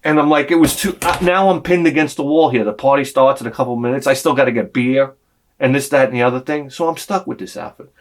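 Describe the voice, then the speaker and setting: A man's voice: mid-range voice, fast, a little hiss or hum. A middle-aged man, telling a comic story in a vlog, swearing freely and acting out the voices he quotes. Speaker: vlogger.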